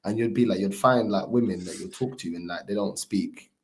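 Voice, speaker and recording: A man with a London accent, an IRL streamer telling stories in relaxed, slangy casual chat. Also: fairly low pitch, a little fast.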